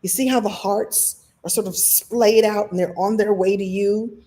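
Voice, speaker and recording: A woman from Brooklyn hosting a motivational talk, telling a personal story in an animated, self-deprecating way. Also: medium pitch, moderate pace. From Brooklyn, New York. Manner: animated, self-deprecating, shifting pace and loudness. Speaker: host and motivational speaker.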